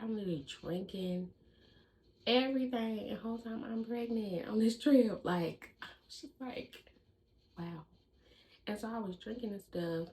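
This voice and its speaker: Young adult woman, lively storyteller who talks straight to her viewers, slightly low voice. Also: a little hiss or hum, poor audio. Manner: lively, chatty storytelling that addresses viewers as "y'all". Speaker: vlogger. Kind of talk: casual storytime.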